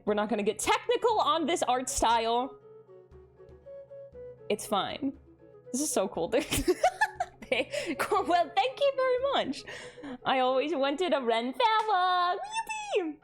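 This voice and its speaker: Young woman, live streamer, bubbly and giggly, high bouncy voice. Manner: bubbly, giggly, reads chat and greets viewers. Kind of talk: casual live stream chat.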